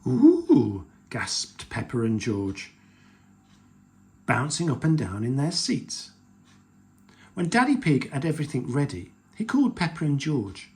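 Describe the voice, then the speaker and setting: Man, storyteller, reading to kids, unhurried, very lively pitch. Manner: slow, expressive. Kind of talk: picture-book read-aloud.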